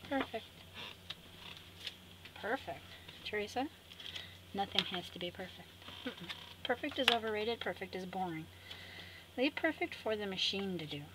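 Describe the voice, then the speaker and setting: A woman's voice: mid-range voice, animated, moderate pace, long pauses. A woman hosting a craft tutorial, chatting to viewers and talking herself through the steps with cheerful asides. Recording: clear background noise.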